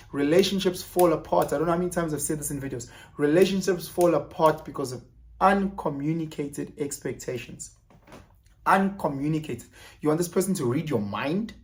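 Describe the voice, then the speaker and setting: A man with a South African accent giving a motivational monologue, emphatic and repeating key words, slipping in Zulu phrases and swearing. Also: on the high side. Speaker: motivational vlogger.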